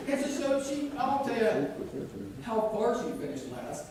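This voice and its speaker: A man preaching a sermon in a church, telling jokey stories and shouting out quoted lines. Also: high voice, big pitch swings, moderate pace, crowd noise. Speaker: pastor. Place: church sanctuary. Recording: echoey church room from a distance.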